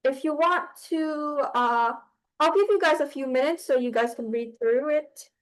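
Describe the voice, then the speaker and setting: A woman's voice: sits high, normal speed, rough recording. A woman teaching a class, hesitant, with many fillers and restarts. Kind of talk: online class lesson.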